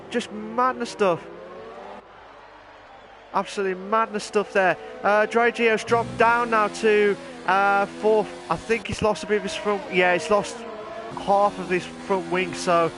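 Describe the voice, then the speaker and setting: A man giving chatty live commentary on an online racing league, rambling and then bursting into excited shouts. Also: high voice. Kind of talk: live esports race commentary.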